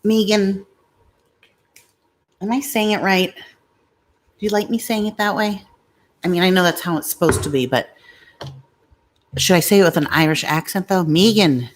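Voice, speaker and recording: A woman's voice: medium pitch, steady tone, normal speed, pauses often. Chatty middle-aged woman vlogging at home. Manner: rambling, confiding, chatty asides to chat. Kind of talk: chatty live vlog talking to viewers.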